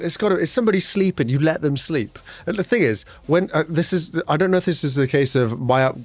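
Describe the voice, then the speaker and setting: A young streamer talks fast and casually with his livestream chat, swearing as he goes, and his pitch leaps up each time he quotes someone. There is no room sound.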